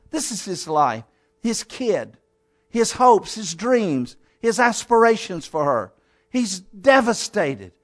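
Dramatic male preacher, high voice, hushed-to-loud sermon delivery.

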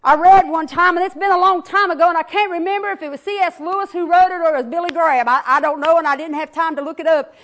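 High-voiced woman preaching a story sermon. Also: fairly even intonation, quick pace, hardly any pauses, a bit bright. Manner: storytelling with repeated words and restarts. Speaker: preacher and children's church teacher.

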